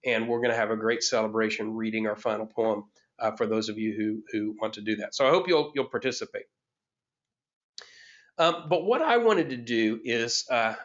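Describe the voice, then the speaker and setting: A man's voice: mid-range voice, fairly bright tone, lo-fi sound. A middle-aged man teaching a poetry class over a video call, thinking aloud with many fillers and restarts. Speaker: course instructor. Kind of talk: online class lecture.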